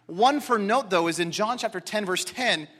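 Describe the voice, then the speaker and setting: A man preaching a sermon to a congregation in an animated, emphatic way, repeating words for stress. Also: sits high, normal speed. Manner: excitable, talks directly to congregation. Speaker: pastor.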